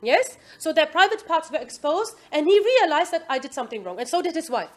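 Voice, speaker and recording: High-voiced woman teaching an Islamic class. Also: fairly quick. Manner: asks the class "Yes?" often, lively quoting. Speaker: religious teacher.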